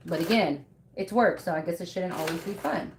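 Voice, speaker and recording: A woman in her thirties talks with her viewers while she works at her sewing table. Her voice sits a little low and she laughs often. The room has a noticeable echo and a faint hiss behind her. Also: a little fast. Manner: chatty, laughs often, talks to chat by name. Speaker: bag maker live-streaming while sewing. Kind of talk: casual chat with viewers. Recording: echoey room.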